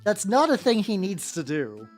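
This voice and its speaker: A woman's voice: mid-range voice, sing-song, moderate pace, darkish tone. A woman from America streaming as a VTuber while painting miniatures, chatting casually with viewers in a rambling, profane way. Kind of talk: casual livestream chat. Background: faint background music.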